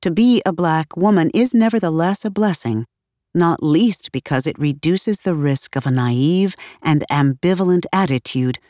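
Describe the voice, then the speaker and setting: A woman reading her own audiobook aloud in a measured, deliberate narration. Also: low-pitched, expressive, warm tone, dry recording, clean studio sound.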